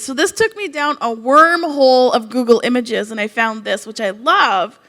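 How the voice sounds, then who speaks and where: A middle-aged woman from Canada giving a conference keynote, telling stories in a conversational, expressive way. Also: on the high side, moderate pace, few pauses. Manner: expressive storytelling, conversational with frequent "like". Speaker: keynote speaker.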